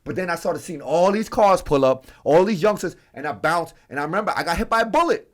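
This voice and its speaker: Man from new york, podcast guest, lively storyteller, fairly high voice. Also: quick pace. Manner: animated storyteller who acts out scenes and voices. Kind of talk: casual chat.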